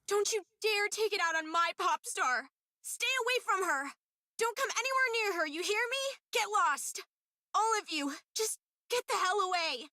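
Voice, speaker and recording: A woman voicing a young woman who shouts at a crowd to protect her pop star friend, then breaks down sobbing. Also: very high-pitched, lively intonation, normal speed, no echo, exaggerated voice. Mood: furious.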